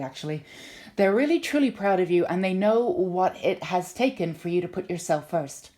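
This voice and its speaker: A woman giving a spoken tarot reading to her viewers, gentle and reassuring, often repeating words for emphasis. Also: on the low side. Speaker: tarot reader and intuitive healer.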